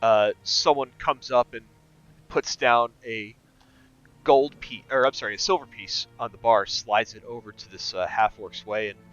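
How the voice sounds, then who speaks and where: A male game master narrating an adventure in a relaxed, meandering way, full of pauses and filler sounds. His voice sits at a middle pitch, and the online audio comes through slightly muffled. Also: no echo, soft background music.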